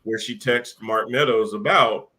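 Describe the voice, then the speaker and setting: A man's voice: lowish voice, a little slow, pushed and bright, low-quality recording. A man in casual political chat, rambling and incredulous, often amused.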